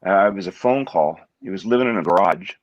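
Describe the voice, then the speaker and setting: A middle-aged man from Washington State, a guest in an interview, talking in a halting way and often repeating words as he restarts his sentences. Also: sits low, animated, dry recording, dull audio. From Washington State, USA. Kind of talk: conversational interview.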